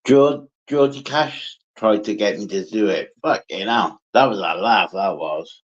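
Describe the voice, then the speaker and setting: A man on a casual livestream, slowly chatting, swearing freely and answering viewers by name. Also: lowish voice, highs cut off. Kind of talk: casual live chat.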